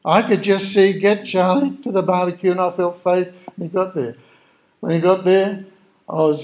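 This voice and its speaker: Male preacher, slightly high voice, tells stories from the pulpit and voices the people in them. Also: steady tone, moderate pace, a little mellow, poor audio. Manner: conversational storytelling, acting out dialogue. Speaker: pastor. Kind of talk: sermon.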